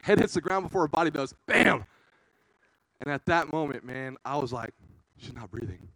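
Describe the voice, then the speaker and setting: A young man leads a youth service with a relaxed, slang-filled sermon. He tells stories with lots of energy and bursts into loud acted-out lines. His voice sits a little high and sounds close and dry. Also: dry recording, rough recording. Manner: animated, slangy storyteller, acts out quotes loudly. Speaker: youth pastor. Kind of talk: casual youth sermon with storytelling. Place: church.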